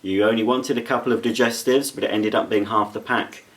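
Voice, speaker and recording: A man's voice: medium pitch, fairly even intonation, fairly quick. A man giving a chatty, playful product demonstration with jokey asides. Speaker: product reviewer. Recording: roomy echo.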